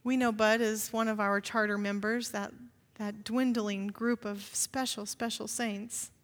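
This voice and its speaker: In an echoing sanctuary, a woman pastor preaches conversationally, often posing rhetorical questions to the congregation. She speaks at a medium pitch with a flat, measured delivery.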